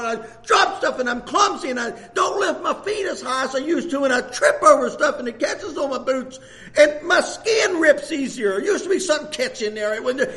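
High-voiced older male preacher, impassioned. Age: 60s. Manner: impassioned, repetitive preaching with frequent shouted emphasis. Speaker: pastor. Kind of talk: sermon.

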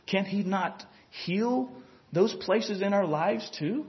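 A man with a notably high voice preaches a sermon in an easygoing, talkative way, chuckling now and then and checking in with his listeners. The recording is dull and lo-fi, with a muffled top end. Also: expressive, measured pace. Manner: conversational preaching, chuckles, frequent "you know".

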